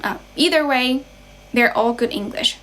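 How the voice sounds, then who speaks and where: A woman's voice: sits high, a little slow, bright, forceful tone, low-quality recording. Bilingual young woman tutoring on a livestream. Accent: Chinese. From China. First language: Chinese. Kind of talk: casual livestream chat.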